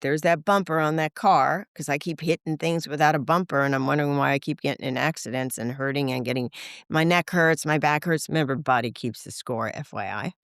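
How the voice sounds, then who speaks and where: An older woman speaking as a podcast guest, frank and animated, swearing casually and acting out the voices in her stories. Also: low voice, brisk, dry recording, clean studio sound. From United States. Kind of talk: candid conversational interview.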